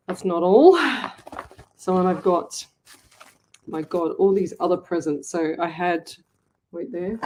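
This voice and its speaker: A woman from Australia chats warmly and gushingly on a home livestream, her voice sitting a little low. She talks straight into a webcam, restarting her sentences often, with faint hiss underneath. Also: rough recording. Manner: gushing, chatty, many restarts. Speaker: psychic medium, livestream host. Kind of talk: casual livestream chat. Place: home office.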